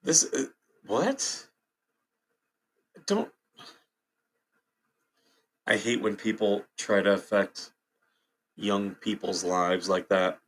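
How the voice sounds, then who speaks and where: A man's voice: on the low side, expressive, drawn-out words, pauses often, breathy edge. Chatty man hosting a casual livestream. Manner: chatty, laughs often, reacts to chat and news. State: hiccups. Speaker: livestream host. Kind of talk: casual livestream chat reading headlines.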